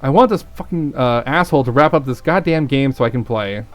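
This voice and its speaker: A man's voice: mid-range voice, animated, fairly quick, faint music behind, close to an everyday voice. A man reading a foul-mouthed angry customer. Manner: cursing, impatient.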